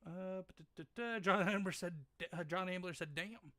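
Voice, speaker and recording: At his home gaming setup, a man hosts a live game stream on a desk mic left live, reading chat messages aloud and teasing his wife. His voice sits high and sharp at a moderate pace, with no room sound.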